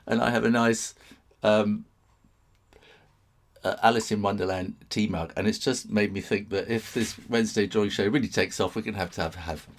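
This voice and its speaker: A man's voice: lowish voice, fairly even intonation, normal speed. Man, middle-aged, live drawing-stream host, rambling, chuckling, casual chat. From England. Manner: chatty, chuckling, rambling asides.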